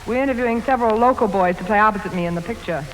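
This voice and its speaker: A woman's voice: medium pitch, very fast, slight background noise. A woman guest on a 1940s radio comedy, trading teasing, mock-sweet lines with the host. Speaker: guest actress. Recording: 1940s radio broadcast in a reverberant hall.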